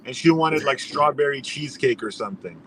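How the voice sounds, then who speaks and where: A man's voice: medium pitch, lively intonation, fairly quick, a bit bright, slight background noise. A man from Iran telling a story in casual chat on a stream, ranting and swearing as he goes.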